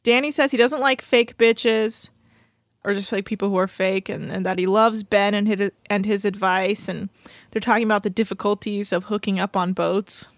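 A woman's voice: mid-range voice, steady tone, normal speed, dry recording, clean studio sound. Chatty woman recapping a show. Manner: chatty, laughs often, quotes people in passing. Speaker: podcast co-host. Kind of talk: casual recap chat.

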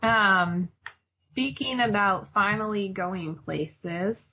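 A woman's voice: medium pitch, slow pace, sharp tone, breathy edge. A woman co-hosting a casual TV review podcast, chatty and opinionated, laughing often. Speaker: podcast co-host. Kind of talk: casual chat reviewing TV shows. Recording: dull lo-fi audio.

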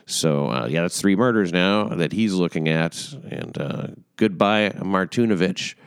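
A man's voice: deep voice, measured pace, clear, resonant tone, dry recording, clean studio sound. A man hosting a podcast, chatting about crime news with hesitant, sardonic asides. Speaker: podcast host. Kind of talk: casual crime-news chat.

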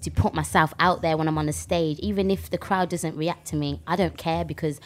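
A young woman from Birmingham, England, speaks in a low, brisk voice. She's a rapper appearing as a guest in a casual interview, talking animatedly with fillers and restarts.

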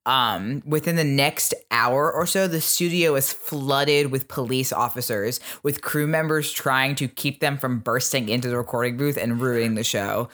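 A man hosting a podcast who tells a history story in loose, chatty fashion, filling pauses with ums. His voice sits at a middling pitch. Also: a bit bright. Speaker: podcast host. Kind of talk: casual storytelling chat.

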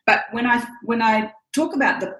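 A woman's voice: on the high side, moderate pace, fairly bright tone. Candid Australian woman in a roomy echo. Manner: candid, rambling, self-mocking, many fillers. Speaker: guest. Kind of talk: casual emotional interview chat.

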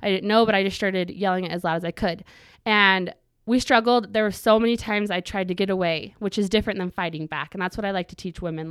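A woman with a clean, fairly bright, medium-pitched voice appears as a podcast interview guest. She recounts a personal story in detail, voicing what she thought back then, earnest but with touches of humor, in a dry recording.

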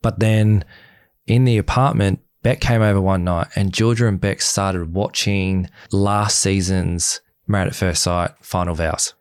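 A young man, a podcast guest, telling his story candidly and quickly, acting out the back-and-forth of past conversations. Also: sits low, smooth, no echo. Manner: fast, animated retelling, acts out quoted exchanges. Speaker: podcast guest, former reality show groom.

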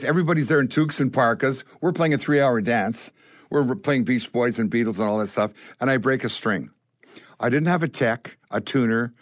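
An older Canadian man, a guest musician, telling stories in an animated way and acting out the voices of the people in them. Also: medium pitch, no room sound. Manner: acts out voices in his stories. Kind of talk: animated storytelling.

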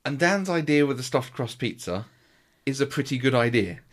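Recapping a baking show on the podcast he co-hosts, he talks at a normal speed in a medium-pitched, expressive voice. His casual chatter rambles and keeps restarting.

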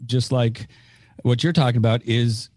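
A man's voice: mid-range voice, steady tone, normal speed, a little mellow, no room sound. A man hosting a talk, sharing his own experience in a hesitant, candid way full of "you know". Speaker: podcast host giving advice. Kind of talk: reflective conversational advice.

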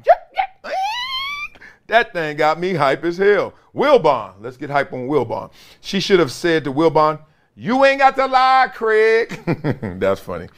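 Animated man on a sports talk show. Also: mid-range voice. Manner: lively, laughing, acts out quotes. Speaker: sports show host, former player.

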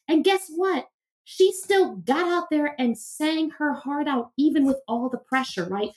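Emphatic, high-voiced woman guest. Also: expressive, unhurried. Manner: emphatic, preacher-like repetition. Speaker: therapist and minister, podcast guest. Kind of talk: conversational interview.

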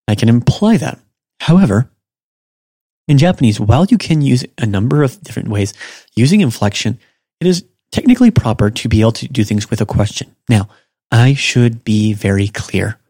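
A man hosting a podcast language lesson, explaining points in a relaxed, casual way. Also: medium pitch, normal speed, breathy edge, dry recording, studio quality. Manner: relaxed, explanatory, talks through examples. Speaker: language teacher and podcast host.

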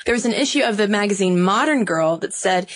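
A woman's voice: medium pitch, animated, fairly quick. A young woman co-hosting a podcast, chatty and wry, laughing easily as she talks. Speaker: podcast co-host. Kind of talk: casual chat.

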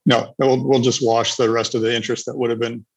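A man's voice: medium pitch, flat delivery, fast talker, slightly rough, rough recording. A man from Canada answering questions casually in a webinar, rambling with many restarts. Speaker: eco village developer.

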